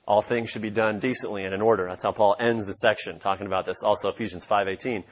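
A man's voice: on the low side, steady tone, fast, muffled recording. A man preaching a sermon as pastor, emphatic and repeating his key points for stress.

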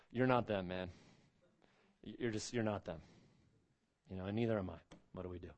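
A man's voice: lowish voice, fairly quick, long pauses, a little mellow. A man preaching an expository sermon, emphatic, repeating phrases and asking rhetorical questions.

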